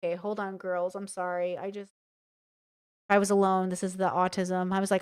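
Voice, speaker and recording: A woman's voice: lowish voice, monotone, moderate pace, clean tone, dry recording, clean studio sound. A woman streamer reacting to and reading out chat messages in a casual commentary style. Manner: casual, swears while reading.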